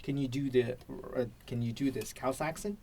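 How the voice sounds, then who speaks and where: A man's voice: medium pitch, moderate pace, warm tone, slight background noise. An Indonesian man practicing spoken English, hesitant, often repeating and restarting while he searches for words. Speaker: English learner and teacher. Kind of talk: practice conversation.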